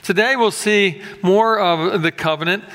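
A man's voice: sits high, measured pace, fairly bright tone. A male pastor giving a sermon in a conversational, joking and emphatic way. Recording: echoey hall.

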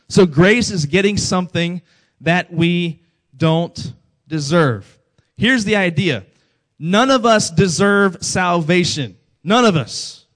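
A man's voice: fairly high pitch, moderate pace. A man in his thirties preaching a sermon to a congregation, conversational and telling stories with quoted dialogue. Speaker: pastor.

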